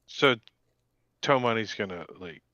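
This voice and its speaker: Slow, lively-pitched man on muffled audio. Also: no echo. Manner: hesitant, halting. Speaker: player.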